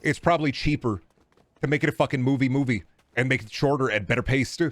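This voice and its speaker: A man's voice: mid-range voice, fast, a bit bright, no echo. A man streaming a video game, chatting casually and ranting with lots of swearing, slipping in goofy riffs. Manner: rambling, profane, riffs into silly voices. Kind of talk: casual gaming stream chat.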